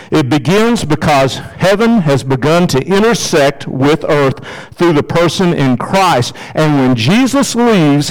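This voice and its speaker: Emphatic preaching man, slightly high voice. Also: rough recording. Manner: conversational, emphatic preaching with sudden pitch rises. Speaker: pastor. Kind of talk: sermon.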